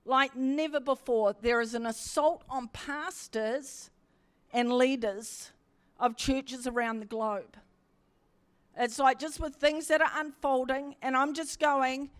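A woman's voice: high voice, fairly even intonation, takes it slowly. A middle-aged woman, preaching a sermon in a fervent, emphatic way, often repeating her phrases.

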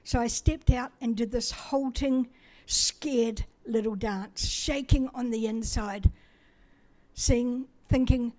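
A middle-aged New Zealand woman gives a personal testimony, sharing her own story with chatty, self-deprecating warmth. Her voice is a little high and her tone stays steady, and she drops in quick snippets of dialogue as she goes.

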